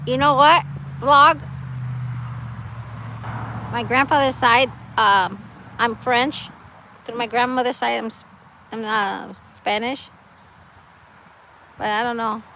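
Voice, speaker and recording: Woman, high voice, casual outdoor live-stream chat, laughs often, faint background hiss. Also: slow, long pauses, sharp tone, low-quality recording. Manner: chatty, laughs often, reads out viewer comments. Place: outdoors, wind and trees nearby.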